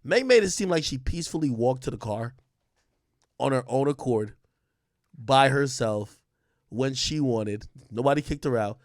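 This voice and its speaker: A man's voice: mid-range voice, expressive, normal speed, long pauses, no room sound, clean studio sound. A man giving blunt, profane reaction commentary to an interview clip, talking straight to his viewers.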